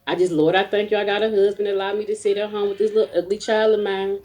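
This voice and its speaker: A woman, a mother, telling a comic story in a casual rant, animated and acting out other people's voices. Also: medium pitch, quick pace.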